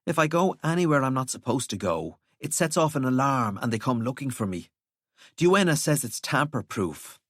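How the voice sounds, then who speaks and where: A man's voice: medium pitch, big pitch swings, moderate pace, fairly bright tone, dry recording, studio quality. A man voicing a wary, earnest teenage boy who sounds unsure of himself.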